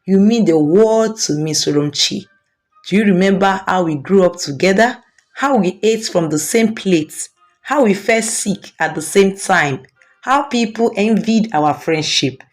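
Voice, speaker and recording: A woman's voice: lowish voice, natural voice. A woman voicing a jealous young woman who sweet-talks her friend while plotting against her. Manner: honeyed, then sneering and spiteful.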